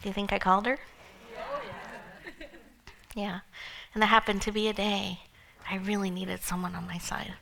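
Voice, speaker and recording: An earnest woman hosting an event, telling a heartfelt personal story. Her mid-range voice turns quiet and close to a whisper in the tender moments. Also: mid-range voice, little pitch movement, normal speed, vocal fry, long pauses, poor audio. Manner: earnest, emotional, softening to near-whispers. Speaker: event host and speaker.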